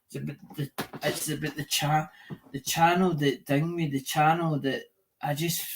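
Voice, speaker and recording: A man chats loosely on a livestream. His voice sits a little high for a man. He circles back on his own words, stumbles over them and swears freely. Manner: repetitive, swears a lot, loses track of words. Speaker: livestream host. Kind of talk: rambling casual livestream chat.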